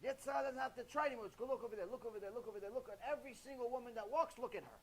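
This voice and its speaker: A man preaching a sermon as a rabbi, animated, repeating himself and asking rhetorical questions. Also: very high voice, rapid-fire, slight background noise.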